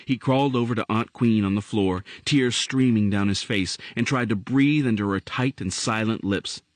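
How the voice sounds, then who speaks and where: A man reading a novel aloud as audiobook narrator, in an expressive storytelling manner. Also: lowish voice, normal speed, no echo. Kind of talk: scripted narration.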